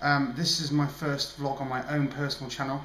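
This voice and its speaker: A man's voice: mid-range voice, level tone, a little fast, fairly bright tone. A tired young man co-hosting a show, rambling cheekily through a casual home vlog with lots of ums. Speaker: vlogger, show co-host. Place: home indoors. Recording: echoey room, faint hiss.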